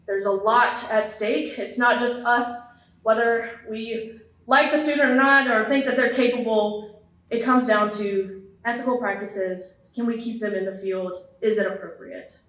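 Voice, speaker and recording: A woman's voice: on the high side, unhurried, a bit bright, distant mic. Earnest woman speaking in an echoey room. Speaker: counselor educator presenter. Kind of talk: academic presentation to an audience. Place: lecture room with an audience.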